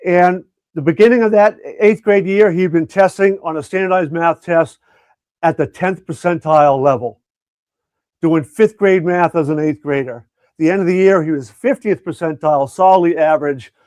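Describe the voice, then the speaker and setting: Earnest middle-aged man, fairly high voice. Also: a little mellow, no room sound. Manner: earnest and reflective, with halting restarts. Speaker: education coach and conference speaker. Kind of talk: personal storytelling in an interview.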